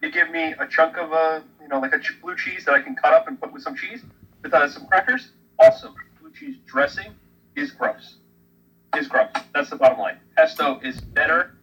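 Blunt, opinionated man with a bright, husky voice. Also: fairly high pitch, fairly quick, low-quality recording. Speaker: podcast co-host. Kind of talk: casual chat.

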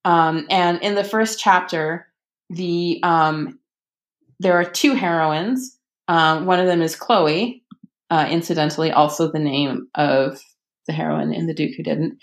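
A woman author chats casually about what she is reading. Her voice sits a little low, and she fills the gaps with ums while acting out quotes with animation. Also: measured pace. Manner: chatty, many fillers, animated quoting. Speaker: author guest. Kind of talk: casual podcast conversation.

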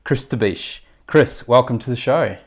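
A man's voice: medium pitch, a little slow. A man with an Australian accent, a podcast host reading a formal introduction and asking interview questions.

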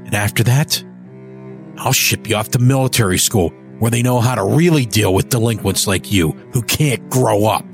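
A man voicing a drunk, furious middle-aged father who yells threats at his son. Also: fairly low pitch, moderate pace, creaky, faint music behind. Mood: threatening. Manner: yelling, threatening.

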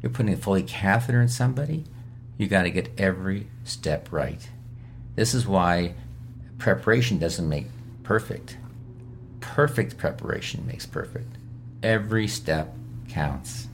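With a low voice and lively intonation, the physician guest speaks unhurriedly and pauses often while delivering emphatic, repetitive instructional coaching. Faint hiss or hum sits under the recording.

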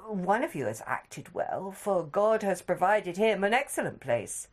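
A woman voicing a grave old abbot who speaks quietly and solemnly. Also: medium pitch, sing-song, a little slow.

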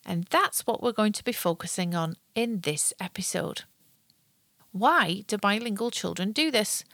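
Clear, teacherly woman podcast host. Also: mid-range voice, expressive, unhurried, a bit bright, no room sound. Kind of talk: scripted podcast narration and casual chat. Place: back garden.

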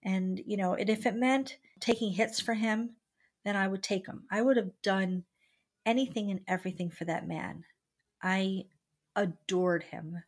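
A woman's voice: mid-range voice, fairly even intonation, a little slow. A middle-aged woman being interviewed, speaking candidly and reflectively about her own life. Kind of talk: personal storytelling in an interview.

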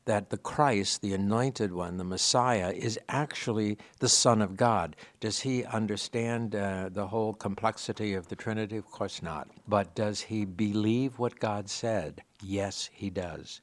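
A man with a deep, low voice delivers a sermon, unpacking scripture in a thoughtful, explanatory way. He teaches with easy conversational asides, and the sound is close and dry with no room echo. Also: a little slow. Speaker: preacher.

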